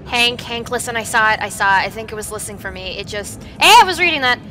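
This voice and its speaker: A woman commentating while she plays a horror game, jumpy and swinging between hushed muttering and panicked yelling. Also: mid-range voice, steady tone, fast talker, soft background music. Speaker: gaming video creator.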